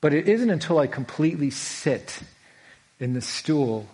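A man's voice: a little high, expressive, a little slow, a little mellow. A middle-aged man preaching an earnest sermon, often acting out the voices he quotes. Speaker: pastor.

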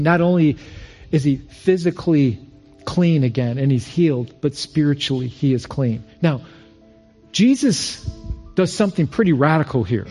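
A man's voice: fairly high pitch, expressive, normal speed, dark tone, breathy edge, soft background music. A male pastor preaching a sermon in an earnest, storytelling manner with repeated phrases.

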